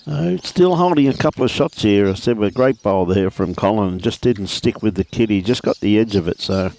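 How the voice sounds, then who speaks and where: A man's voice: lowish voice, moderate pace, warm tone. A man commentating lawn bowls in a laid-back, jokey way. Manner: laid-back, chatty, jokey, calls players mate.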